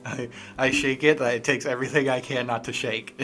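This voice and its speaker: Guy player at a tabletop game, joking around, bright voice, bit far from the mic. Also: medium pitch, steady tone, fairly quick, few pauses, soft background music. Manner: joking, laughs in character. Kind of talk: playing a tabletop role-playing game.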